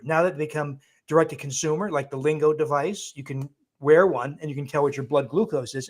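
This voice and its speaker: A man appearing as a physician guest answers viewers during a live Q&A, his voice on the high side. He explains in a brisk, emphatic style with frequent chuckles and blunt dismissals of bad advice.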